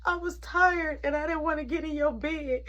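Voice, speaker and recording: A woman's voice: high-pitched, normal speed, pushed and bright, lo-fi sound. Woman doing a pleading, apologetic young guest. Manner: pleading, whiny.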